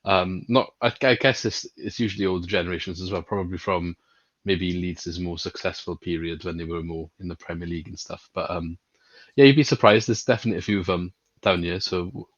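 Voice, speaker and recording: A man's voice: sits low, a little fast, dry recording. A man hosting a casual football podcast, chatty and a little hesitant. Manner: relaxed, chatty, some hesitant restarts. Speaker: podcast host. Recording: dull, dry sound.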